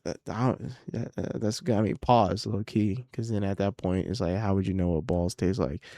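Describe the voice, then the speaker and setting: A man's voice: low-pitched, steady tone, moderate pace, warm tone, no room sound, clean studio sound. A young man hosting his own podcast, ranting casually and profanely, rambling and exasperated. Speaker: podcast host and comedian. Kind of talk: casual solo podcast rant.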